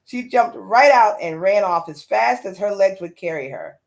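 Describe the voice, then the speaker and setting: Woman reading a storybook, animated. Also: mid-range voice, normal speed, creaky. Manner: expressive and animated. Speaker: storyteller host. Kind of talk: reading a children's story aloud.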